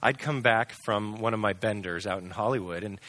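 Man telling his testimony, bright-voiced. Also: on the low side, brisk. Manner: candid, earnest storytelling. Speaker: testimony speaker. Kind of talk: personal testimony.

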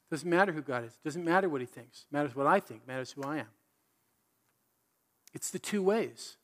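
A man preaching a sermon in an animated, conversational way, full of rhetorical questions. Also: fairly high pitch, moderate pace, pauses often. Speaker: pastor.

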